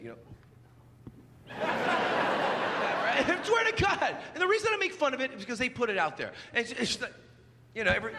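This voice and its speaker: A man's voice: very high-pitched, in a large hall, heavy background noise. A man doing stand-up on a comedy club stage, telling stories animatedly and laughing through them, speaking into a handheld mic. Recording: live club recording with loud crowd.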